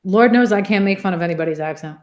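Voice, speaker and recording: A woman joining a podcast as a guest, trading playful, quick-witted banter in casual chat. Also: mid-range voice, a little mellow.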